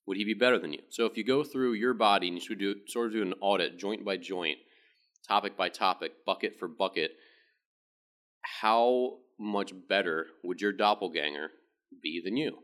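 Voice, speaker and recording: A man, a baseball pitching coach, giving a casual, rambling explanation with frequent restarts. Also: moderate pace, a bit bright.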